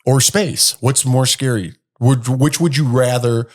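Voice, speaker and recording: A man's voice: medium pitch, fairly even intonation, unhurried. A man co-hosting a podcast, musing and speculating in a rambling, casual chat. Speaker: podcast co-host.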